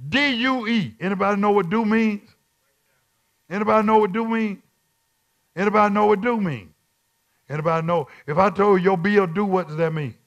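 A man preaching at Bible study as a bishop, repeating his lines in call-and-response and swinging from quiet talk to shouts. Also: high voice, gravelly, highs cut off.

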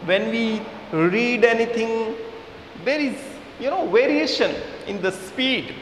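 A man teaching an English lesson in Indian English, speaking slowly and emphatically and repeating key words for his students. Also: sits high, fairly bright tone. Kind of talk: classroom video lesson. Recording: echoey room with faint hiss.

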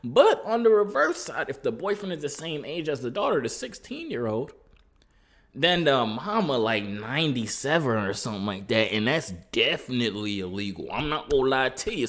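Lively young man reacting to a clip. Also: mid-range voice. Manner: animated, slangy, bursts into loud exclamations. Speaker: reaction video host. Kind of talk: casual reaction commentary.

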